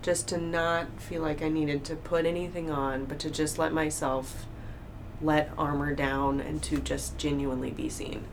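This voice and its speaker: A woman talking openly in a casual conversation, telling personal stories with lively acted-out quotes. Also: low voice, moderate pace. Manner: open, animated storytelling with acted-out quotes. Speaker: guest. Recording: faint background noise.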